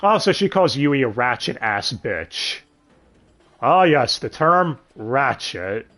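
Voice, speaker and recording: A man's voice: medium pitch, very animated, slow pace, sharp tone, faint music behind. A man reviewing a dub in casual commentary, sarcastic and swearing, with sighs and questions to his listeners. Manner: sarcastic, swears often, sighs and asks the audience.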